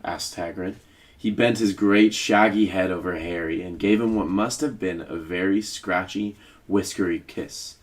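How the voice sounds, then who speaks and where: A man reads a children's book aloud, steady and measured. His voice is very low and stays grounded throughout. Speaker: teacher reading aloud.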